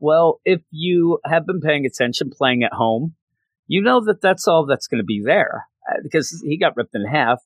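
A man casually recapping a comic book in an excited, chatty way. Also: on the high side, no echo. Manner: excited, chatty, acts out lines.

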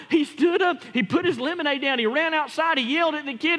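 A male pastor preaching with a notably high voice, moving from emphatic peaks to hushed asides. He tells stories as he preaches, and his voice trails off into a long church reverb. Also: lively intonation, fairly quick, hardly any pauses. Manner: emphatic, storytelling, swings from loud to hushed. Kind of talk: sermon.

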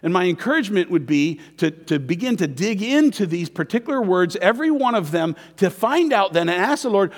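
A man's voice: sits high, big pitch swings, fairly quick, few pauses. A man preaching a conversational sermon in a church, asking the congregation questions and acting out quoted voices. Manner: acts out quoted voices in dialogue. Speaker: pastor. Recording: long hall reverb.

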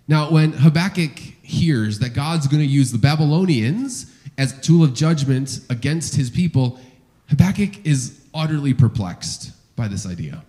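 A man preaching a sermon in a church, building his points through rhetorical questions. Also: on the high side. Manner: animated, rising and falling emphasis, rhetorical questions. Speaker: pastor. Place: church sanctuary with congregation.

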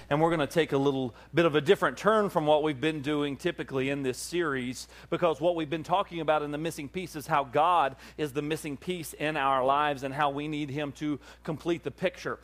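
A male pastor delivering a Sunday sermon, moving from relaxed, conversational asides with fillers to fervent preaching that calls on the congregation to answer. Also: a little high. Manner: preaching with rising intensity, calls for audience response.

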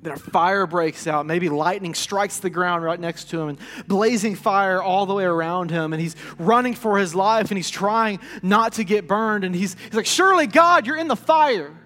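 A man preaching a sermon as a pastor, telling stories with lively energy and dropping to a hush for key points. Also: sits high, moderate pace, hardly any pauses. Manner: lively storytelling, plays out quoted voices. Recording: reverberant hall with faint music.

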